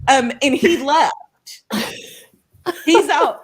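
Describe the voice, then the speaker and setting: A woman from Oklahoma co-hosting a show, telling a story in casual chat with an animated, laughing manner. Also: high-pitched, very slow. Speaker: co-host of a writing show.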